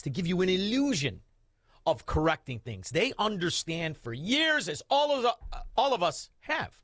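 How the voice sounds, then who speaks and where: A man hosting a political talk radio show, combative and mocking, with sudden shouted insults. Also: on the high side, dry recording, clean studio sound.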